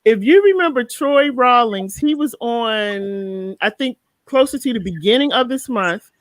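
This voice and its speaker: A woman hosting a casual live talk show, chatting and telling animated stories. She sounds tired near the end of the night. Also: on the high side, measured pace, no room sound. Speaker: show host.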